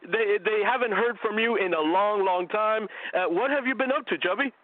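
A man hosts a wrestling radio show, his fairly high voice eager as he rambles through his opinions. He has a cold and sounds a little short of breath. The sound is thin and tinny like a phone line, with no room echo. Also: normal speed.

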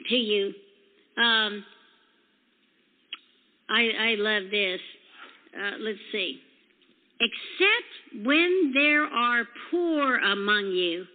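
A woman preacher telling a story in a sermon, emphatic and rambling, now and then shouting. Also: fairly high pitch. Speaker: preacher and prophet. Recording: tinny phone-like sound.

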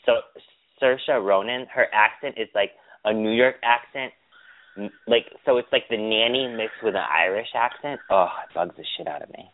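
A man's voice: fairly low pitch, moderate pace. A man co-hosting a casual podcast chat, gossipy and blunt, swearing freely. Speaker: podcast co-host. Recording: tinny phone-like line.

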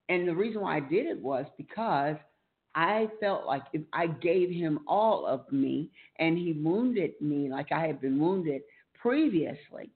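A woman hosting a Christian talk show, telling a personal story earnestly and emotionally. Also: sits low. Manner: earnest, emotional storytelling, animated when reliving events. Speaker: host. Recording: tinny phone-like sound.

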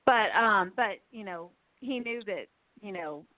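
A woman host chats her way through a rambling recap, full of fillers and restarts. Her voice sits at a middle pitch. It comes through a dry, thin phone line with no room sound. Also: lively intonation, unhurried, no echo. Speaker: podcast host. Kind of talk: casual soap opera recap chat.

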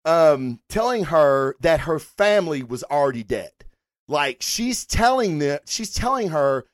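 A fan-show host talking casually on a livestream and answering viewers in chat, animated and rambling, who swears freely. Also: medium pitch, unhurried, dry recording, clean studio sound.

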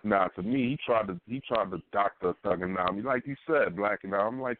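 A man with a voice on the low side talks briskly while co-hosting a podcast, heard over a phone-like line with faint noise. His casual chat is full of emphatic slang, and he repeats himself for effect.

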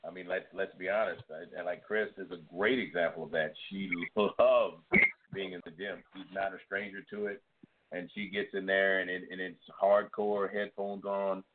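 A man's voice: deep voice, flat delivery, normal speed, background noise. A man co-hosting a casual chat show, rambling and earnest. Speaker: co-host. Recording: tinny phone-like line.

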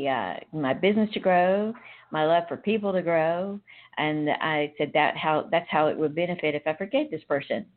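A woman co-hosting a casual podcast chat, talking in a rambling, confiding way and laughing often between thoughts. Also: sits low. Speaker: podcast co-host. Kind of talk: casual, candid conversation. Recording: tinny phone-line sound.

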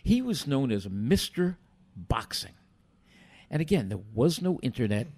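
An older man, a guest telling animated stories from his past and acting out other people's lines. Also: medium pitch, measured pace. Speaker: interview guest. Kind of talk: storytelling in a podcast interview.

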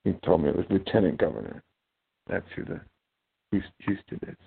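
Very animated and fairly quick, this low, gravelly male voice carries a breathy edge. He's an Ohio podcast host on a casual talk show, and he mumbles, rambles, and restarts constantly amid lots of fillers, all captured with a tinny, phone-like sound.

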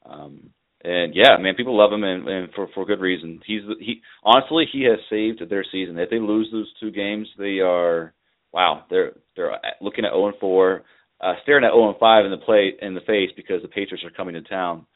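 A man who is a regular on a sports talk show talks casually, with a lot of ums and uhs. His voice is very low. It sounds thin and narrow, as if it were coming through a phone. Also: normal speed. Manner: relaxed, filler-heavy. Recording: phone-like line.

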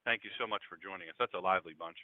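A man, a pastor hosting an internet radio show, talking in a folksy, animated, conversational preaching style straight to his listeners. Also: deep voice, rapid-fire, dry recording. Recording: dry, phone-like lo-fi line.

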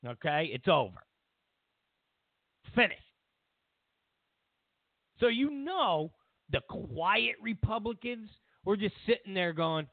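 A man hosting a talk show, giving opinionated political commentary in an animated, rambling way, with restarts and mocking quoted voices. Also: sits high, takes it slowly, long pauses, no room sound. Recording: dry, phone-like narrow sound.

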